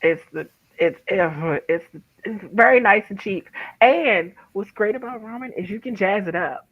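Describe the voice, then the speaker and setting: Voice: medium pitch, a little slow, no echo. A co-host on a casual livestream, chatting in a friendly way and giving practical tips, with frequent restarts. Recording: slightly muffled dry sound.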